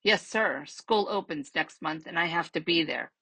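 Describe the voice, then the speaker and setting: A woman's voice: deep voice, normal speed, bright, forceful tone, breathy edge, no echo, heavily acted. A woman reading the part of a polite, proud teenage boy in a storybook, speaking eagerly and respectfully.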